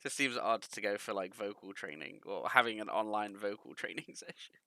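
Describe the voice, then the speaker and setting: A man's voice: lowish voice, a little fast, sharp tone, no room sound. A man bantering casually and chuckling while co-streaming a video game. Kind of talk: casual chat over gameplay.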